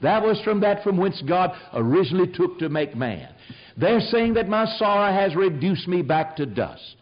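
An older man preaching a sermon, telling stories in an animated, emphatic way. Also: high voice, moderate pace. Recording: dull lo-fi sound.

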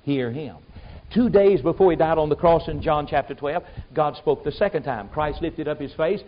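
A man delivers a sermon in a folksy, emphatic manner, his fairly high voice rising to loud exclamations and dropping to low asides. The recording is muffled and lo-fi. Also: moderate pace. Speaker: preacher.

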